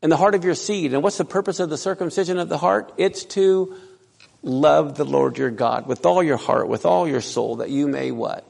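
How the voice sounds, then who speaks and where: Reading from scripture and putting questions to the congregation, this preacher speaks at a normal speed. His voice is on the high side, creaky and darkish, and the hall gives it a long reverb.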